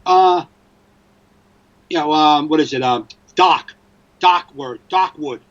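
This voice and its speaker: A man with a New Jersey accent, co-hosting a podcast, ranting in an animated, sweary way. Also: on the high side, slow pace, highs cut off. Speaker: podcast co-host. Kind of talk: casual chat.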